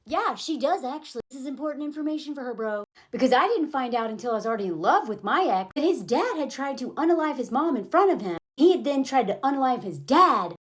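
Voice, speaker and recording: A woman talking straight into her phone, commenting on a film scene. Her voice sits high and swings widely. She is emphatic and indignant, slipping into the characters' lines as she goes. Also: sing-song, normal speed. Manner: emphatic, indignant, acts out quoted dialogue. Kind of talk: casual commentary vlog.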